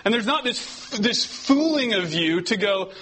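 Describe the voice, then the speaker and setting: A young man giving a casual, conversational sermon, often restarting his sentences and getting animated as he tells stories. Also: sits high, unhurried, husky, low-quality recording. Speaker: preacher. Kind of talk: casual sermon to a youth group.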